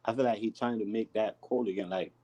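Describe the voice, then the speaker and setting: A man's voice: lowish voice, fairly even intonation, fast, warm tone, dull audio. A man speaking on a casual panel, rambling with many restarts and filler words. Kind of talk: casual chat.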